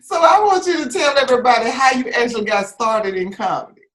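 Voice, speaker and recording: A woman's voice: fairly high pitch, big pitch swings, fast talker, a bit bright, reverberant. A woman from Mississippi, hosting a casual interview, chatty and laughing easily. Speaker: interview host.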